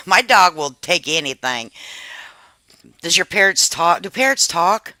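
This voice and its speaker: A woman's voice: on the low side, very animated, a little slow, pushed and bright, no room sound. A middle-aged woman hosting a live stream, chatting casually with viewers, laughing often and swearing freely. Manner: frank and talkative.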